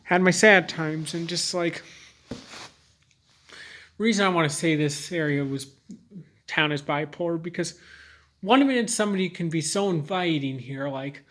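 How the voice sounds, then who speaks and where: A young man talking candidly to camera in a rambling, halting way, full of fillers and restarts. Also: fairly high pitch, fairly bright tone. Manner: earnest and candid. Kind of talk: personal vlog monologue.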